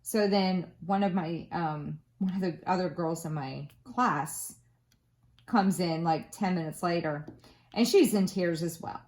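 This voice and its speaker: A woman in her forties talks in a relaxed, meandering way, filling pauses with ums and uhs as she tells stories. Her voice sits a little on the low side. She sounds like a crafting vlogger chatting to her viewers. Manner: rambling storyteller with many fillers. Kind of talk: casual chat.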